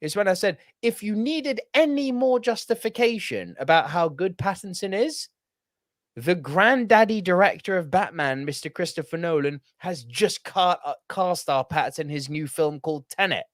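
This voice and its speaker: A man's voice: high-pitched, expressive, moderate pace, fairly bright tone, no room sound, clean studio sound. A man co-hosting a podcast, ranting in casual chat with lots of swearing. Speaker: podcast co-host.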